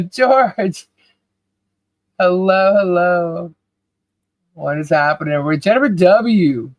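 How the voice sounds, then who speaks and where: A co-host greets viewers one by one on a casual livestream, cheerful and quick to laugh. The delivery is slow and relaxed. The voice sits dry and close on the mic. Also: medium pitch, no echo, muffled recording. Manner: cheerful, laughs often, calls out names. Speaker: podcast co-host.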